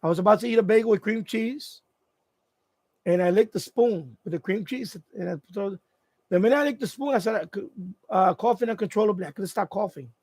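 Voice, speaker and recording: A man with a high, gravelly voice talks casually on a live stream from his home. He rambles through his story, restarting sentences as he goes. The sound is close and dry, with no room around it. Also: fairly quick, darkish tone, dry recording. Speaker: radio hobby channel host. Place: at home, indoors.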